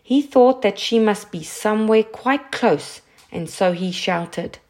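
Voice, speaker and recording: A woman narrating a children's novel in a calm, even storytelling delivery. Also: mid-range voice, takes it slowly, hardly any pauses. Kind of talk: audiobook reading of a children's novel.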